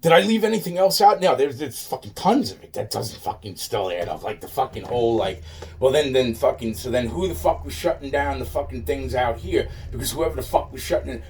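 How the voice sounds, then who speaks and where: A man's voice: mid-range voice, expressive, brisk, slight background noise. A man delivering a rambling, agitated monologue, swearing constantly and repeating himself. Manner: profane, agitated, repetitive ranting.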